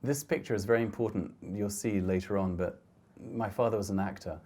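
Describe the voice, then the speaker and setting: In a lecture hall, a middle-aged man with a low, mellow voice talks through his photographs in a reflective slide talk. He speaks gently, thoughtfully, and fairly quickly, often pausing to restart his sentences.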